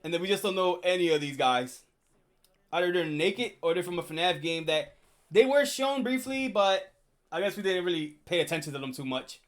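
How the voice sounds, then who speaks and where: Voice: medium pitch, expressive, moderate pace. A streamer chatting casually on a livestream, rambling with lots of fillers and restarts.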